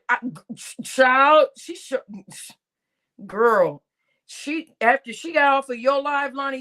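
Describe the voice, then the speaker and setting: A woman's voice: on the high side, fairly bright tone. A woman hosting a livestream, chatting casually with viewers and a co-host, laughing often and calling the audience y'all.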